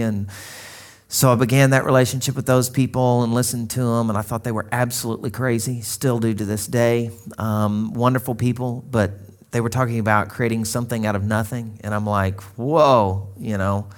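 This is a man in his thirties from Arkansas, delivering a sermon. He tells it as a personal story in a relaxed, conversational way and acts out the lines of the people in it. His voice sits in an ordinary middle range. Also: medium pitch, a little fast. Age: 30s. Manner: conversational storytelling with acted-out quotes. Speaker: pastor.

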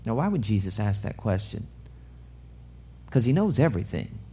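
A young adult male pastor preaching a sermon, lively and joking, acting out quoted voices. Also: fairly low pitch, normal speed, breathy edge.

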